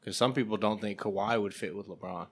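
A man co-hosting a casual sports chat, giving measured, laid-back opinions. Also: fairly low pitch, steady tone, husky. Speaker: podcast co-host.

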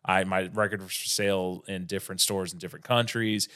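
A man's voice: deep voice, fairly even intonation, brisk, fairly bright tone. A man talking as a comedian guest on a podcast, rambling in casual chat, often restarting his sentences and swearing freely.

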